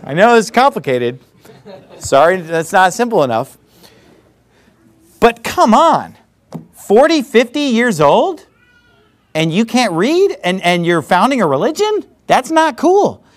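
A man preaching a sermon in church, animated and mocking, with frequent laughing asides. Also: sits high, a little slow, pauses often. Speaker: pastor.

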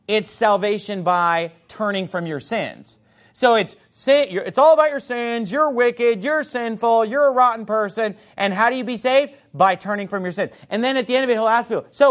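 A man preaching a sermon as pastor, quoting scripture and forcefully denouncing false teaching. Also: normal speed. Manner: animated pitch swings for emphasis.

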